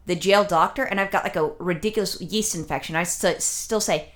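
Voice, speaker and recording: A woman's voice: lowish voice, brisk, fairly bright tone. A woman co-hosting a casual chat, telling a rambling story with crude language and lots of swearing. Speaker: podcast co-host.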